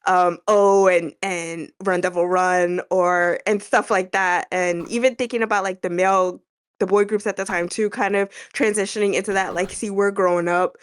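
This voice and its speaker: A woman co-hosts a music reaction video, chatting animatedly, gushing and swearing freely. A cold leaves her stuffy, nasal and a little sick, though her mid-range voice sounds smooth at a normal speed.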